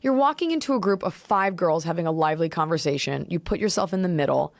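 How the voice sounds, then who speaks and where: Blunt, low-voiced woman author. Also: expressive, quick pace, vocal fry. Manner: blunt, profane storytelling. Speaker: author being interviewed. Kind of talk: casual chat.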